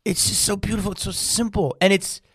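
A man hosting a podcast interview, talking in a casual, animated and emphatic way as he tells stories. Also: high-pitched, fairly quick, husky, no room sound, studio quality. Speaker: podcast host.

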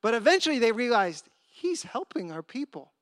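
A man preaching a sermon as a lively personal story, acting out the voices of the people in it. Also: very high-pitched, normal speed, no echo, studio quality. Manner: animated, acts out voices in his story. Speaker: pastor.

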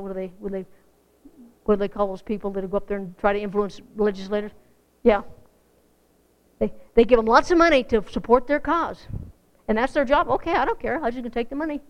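High-voiced, clear-toned woman preaching. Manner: folksy, earnest, rising to fervent emphasis. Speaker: church speaker. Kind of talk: sermon to a congregation.

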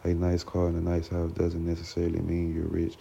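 A man reading the lines of a gentle, encouraging schoolteacher father in his own deep, gravelly voice, on a dull lo-fi recording. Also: completely flat delivery, a little fast. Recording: dull lo-fi recording with faint noise.

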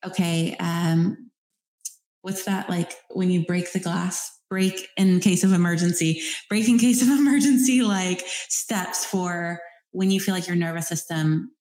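A woman's voice: lowish voice, level tone, takes it slowly, a little mellow. Hesitant woman host, roomy sound. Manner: hesitant, filler-heavy. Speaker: podcast host. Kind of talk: conversational interview.

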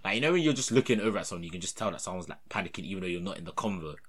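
A man's voice: low voice, lively intonation, very fast, a bit bright, husky. A young man, telling a story in casual, slangy, rambling podcast chat. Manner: rambling, slangy, often dropping to a mutter.

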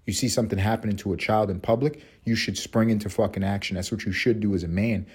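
A young man holds forth alone on his podcast, swearing freely and breaking into laughter as he mocks. His voice sits on the low side and has a husky grain. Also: fairly even intonation, fast, darkish tone. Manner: profane, mocking, laughs often. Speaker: podcast host. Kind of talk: ranting commentary monologue.

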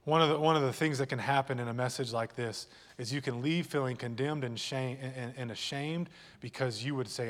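Conversational pastor in a reverberant church. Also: male voice, mid-range voice, a little fast, few pauses. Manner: conversational preaching with repeated words and audience jokes. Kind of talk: sermon. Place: church hall.

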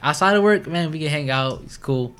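A man guest on a podcast, talking in rambling, slangy and profane casual chat that often trails off quietly. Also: a little high, expressive, a little fast, clear, resonant tone.

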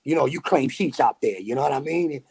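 A man with a New York accent telling a story in a casual, animated way, full of slang and fillers. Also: medium pitch, a little fast, slightly rough. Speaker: podcast guest.

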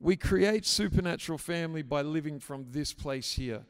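Man, preacher, sermon, high pitch, dynamic delivery, long hall reverb. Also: moderate pace, smooth. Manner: dynamic, swings from hushed prayer to shouted praise.

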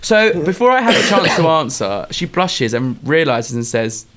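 A young man co-hosting a casual podcast, reading out listener dilemmas with loud laughs and dramatic shrieks. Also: a little high, sing-song, normal speed. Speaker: podcast co-host.

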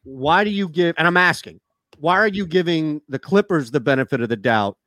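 A man co-hosting a sports talk show, giving quick opinions on games and bets into a studio microphone. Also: on the high side, animated, fairly bright tone, no echo. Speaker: sports radio co-host.

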